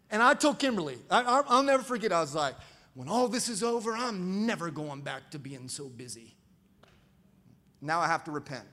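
A man in his thirties preaching a sermon as pastor, energetic and animated, calling out to the congregation. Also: high voice. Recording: reverberant hall, faint music behind.

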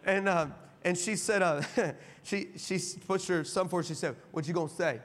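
This El Paso pastor's voice is high and a bit bright, at a normal speed with fairly even intonation. Preaching to an audience in a large, reverberant hall, he tells stories with animation, acts out dialogue, and builds to emphatic points.

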